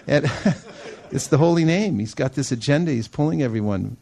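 A man giving a storytelling sermon, animated, acting out the people he quotes and laughing often. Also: mid-range voice, normal speed, creaky. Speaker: devotional speaker.

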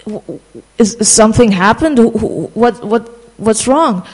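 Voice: mid-range voice, expressive, unhurried, husky, poor audio. A storyteller voicing an alarmed old saint who stammers over his questions.

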